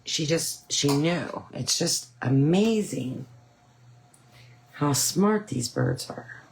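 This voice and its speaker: A woman's voice: low voice, animated, extremely slow, vocal fry, low-quality recording. A woman hosting a painting tutorial, chatting casually and rambling with frequent ums. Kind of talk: casual chat while painting.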